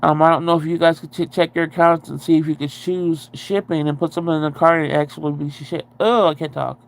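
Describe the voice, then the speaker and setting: A woman hosting a livestream rambles and chats, reading and answering viewer comments and swearing casually. Her voice is low-pitched, steady and creaky, and she talks fast.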